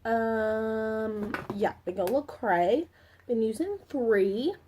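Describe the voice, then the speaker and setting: A woman with a fairly high, mellow voice chats her way through her makeup picks. She rambles and drops in slang and little asides. Faint noise hums behind her. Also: takes it slowly. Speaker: beauty vlogger. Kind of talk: casual makeup chat to camera.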